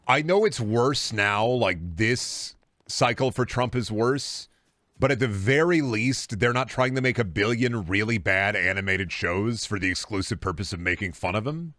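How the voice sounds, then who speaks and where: A man's voice: on the low side, a little slow, sharp tone, no room sound, clean studio sound. A young man streaming a game, rambling and joking with profanity in casual chat.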